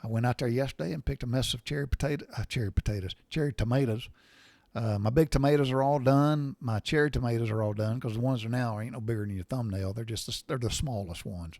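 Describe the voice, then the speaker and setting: A man's voice: medium pitch, fast talker, few pauses, no room sound. Folksy man telling stories. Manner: folksy, swears casually, animated when telling a story. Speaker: podcast host. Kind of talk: casual storytelling monologue.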